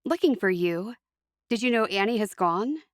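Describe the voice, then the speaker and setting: A woman voicing a calm, even-tempered young Amish man who speaks quickly in a slightly lowered voice. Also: no room sound, clean studio sound, lightly acted.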